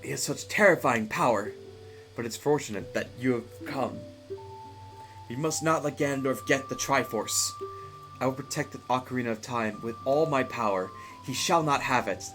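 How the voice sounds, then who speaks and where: Un homme qui lit une jeune princesse résolue. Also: male voice, medium pitch, moderate pace, fairly bright tone, soft background music, lightly acted, low-quality recording. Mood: earnest. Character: young princess, earnest and determined.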